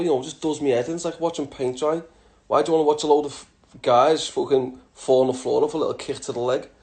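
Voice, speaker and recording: Liverpool man in his thirties, mid-pitched voice, blunt and sweary, quick to laugh, casual Q&A vlogger. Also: a little mellow. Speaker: vlogger answering follower questions. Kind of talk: casual Q&A chat.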